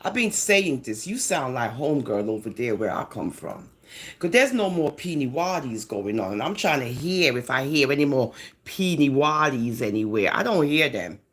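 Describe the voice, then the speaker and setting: A woman's voice: very deep voice, moderate pace. Sarcastic Jamaican woman ranting. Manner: sarcastic, mocking, animated. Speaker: social media commentator. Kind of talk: ranting commentary vlog.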